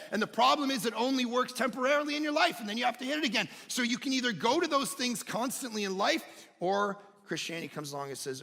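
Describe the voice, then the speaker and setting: A man preaching a sermon as pastor, animated, swinging between loud emphatic peaks and quiet low stretches. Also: gravelly. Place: church sanctuary. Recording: church hall reverb.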